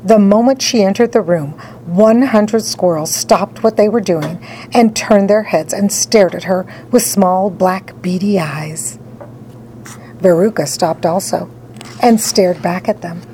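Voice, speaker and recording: A woman narrating a children's story in an expressive read-aloud style. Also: mid-range voice, a little slow, a little hiss or hum, poor audio. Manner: animated, dramatic storytelling.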